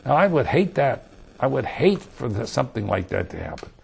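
A man preaching a sermon, emphatic and rising to loud scripture readings. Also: medium pitch, sing-song, a little fast, creaky, husky.

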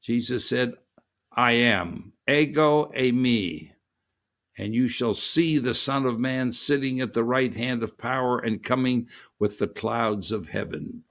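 A man preaching a sermon, talking in a halting way with many fillers and restarts. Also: medium pitch, a bit bright.

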